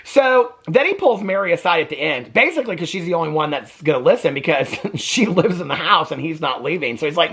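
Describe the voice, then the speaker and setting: A man's voice: fairly high pitch, animated, a little fast, hardly any pauses, a bit bright, breathy edge. Sarcastic, chatty guy reviewing TV. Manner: chatty and sarcastic, laughs often, keeps adding "okay?". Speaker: reaction channel host. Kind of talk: casual reaction commentary.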